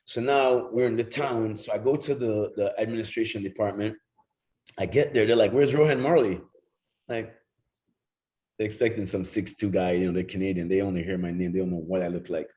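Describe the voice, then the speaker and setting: A man's voice: on the low side, fairly quick. Middle-aged man telling stories. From Jamaica. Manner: animated, acts out quoted voices, swears freely. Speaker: guest. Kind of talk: casual storytelling chat.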